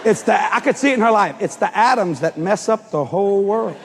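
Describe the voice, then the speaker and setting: Animated preacher man in a big hall. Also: high-pitched, fairly quick, creaky, some chatter behind. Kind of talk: comic storytelling sermon. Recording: long hall reverb with faint noise.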